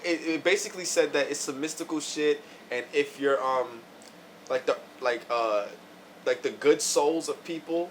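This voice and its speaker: A man's voice: a little high, a bit bright, a little hiss or hum, poor audio. A man hosting a reaction video, telling a story casually with many fillers and asides. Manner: rambling, lots of "right?" and "like".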